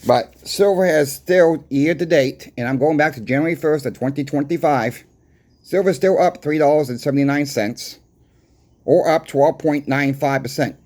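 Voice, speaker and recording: A man's voice: a little high, normal speed, a little mellow. A man with a strong Boston accent talks through his weekly market numbers like a coin shop owner chatting across the counter. His delivery is conversational and repetitive, leaning on emphatic rhetorical questions to drive points home. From Boston, USA. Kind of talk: casual market report to camera.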